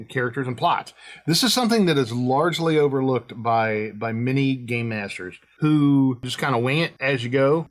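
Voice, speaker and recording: A middle-aged man hosting a casual chat, rambling and emphatic with lots of fillers. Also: medium pitch. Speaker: host.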